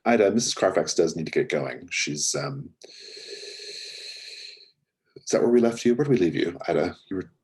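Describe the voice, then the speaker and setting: A man running a tabletop mystery game as game master, with a very deep, husky voice. He narrates in a relaxed, hesitant way, leaning on fillers as he goes. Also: moderate pace, long pauses.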